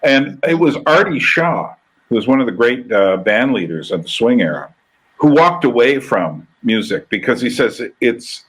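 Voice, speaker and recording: A man's voice: medium pitch, big pitch swings, normal speed, fairly bright tone, breathy edge, rough recording. A man hosting a casual conversation, talking in a rambling, thoughtful way and often restarting his sentences. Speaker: podcast host. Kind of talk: casual conversation reacting to a video.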